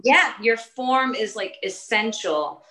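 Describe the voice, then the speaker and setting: A woman's voice: fairly high pitch, lively intonation, takes it slowly, bright, forceful tone, slight background noise, rough recording. A woman in her late forties, a fitness trainer, chatting earnestly in a casual podcast interview, speaking in short restarting phrases. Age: 40s.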